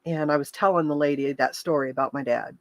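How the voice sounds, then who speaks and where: A woman health coach hosts a livestream, chatting candidly with viewers, often restarting her sentences and openly emotional, even laughing through tears. Her voice is low and quick, with no room sound.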